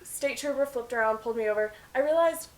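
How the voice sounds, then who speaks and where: A young woman guest on a casual podcast, chatty and teasing. Her voice sits a little high. She rambles loosely through her stories. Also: fast talker. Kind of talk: casual chat and storytelling.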